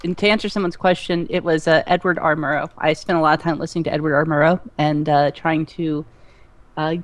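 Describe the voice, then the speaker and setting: A man's voice: a little high, flat delivery, fairly quick, no room sound. A man co-hosting a charity livestream, reading donations aloud with plenty of hesitant fillers. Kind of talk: casual chat on a livestream.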